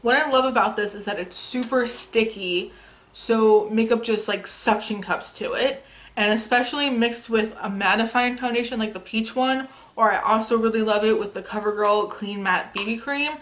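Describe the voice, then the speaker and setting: A young woman with a slightly high voice talks through a makeup haul in a chatty, enthusiastic way. She swears casually and sounds relaxed, filming at home. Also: normal speed. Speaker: beauty youtuber.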